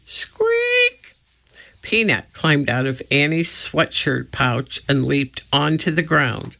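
A narrator giving an expressive, measured reading of a children's storybook. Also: medium pitch, vocal fry. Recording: dull lo-fi recording.

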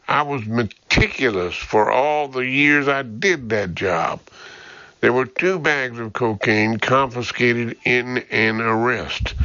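Guy doing a determined ex-policewoman, earnest and steady, kinda bright tone, dry sound. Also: mid-range voice, dry recording, muffled recording. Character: determined female ex-cop, honest and meticulous.

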